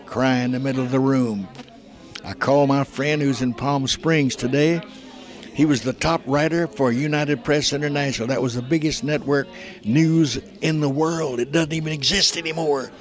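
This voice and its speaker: An American voice actor in his nineties tells stories during a casual interview, folksy, earnest and emphatic. His mid-range voice moves at a moderate pace over soft background music.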